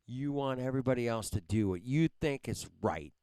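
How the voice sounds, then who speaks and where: Medium in pitch and moderate in pace, his slightly mellow, clean voice has lively intonation while he angrily rants at his livestream viewers. The host swears heavily and keeps repeating "man." There's no echo.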